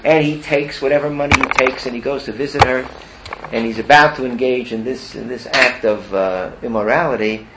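A man's voice: medium pitch, fairly quick, noisy background. Male Torah teacher telling a story. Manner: animated storyteller who acts out quotes. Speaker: religious teacher.

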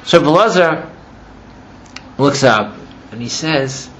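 A man teaching a class as he retells a story, rambling and filling his talk with "you know", and growing animated as the story builds. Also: fairly high pitch, slow. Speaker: religious teacher. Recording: muffled with steady background noise.

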